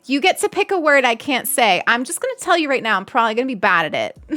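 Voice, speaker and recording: A woman's voice: sits high, very animated, fast, sharp tone, faint music behind. A young adult woman streamer chatting casually and giggling as she thanks donors on a live stream.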